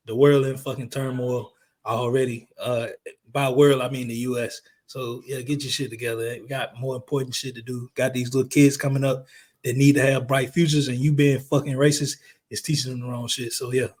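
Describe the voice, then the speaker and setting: A man co-hosting a casual sports podcast, talking in a profane, heated, emphatic way, his voice a little hoarse. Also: medium pitch, little pitch movement, normal speed, darkish tone. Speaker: podcast co-host. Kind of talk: casual sports chat and rant.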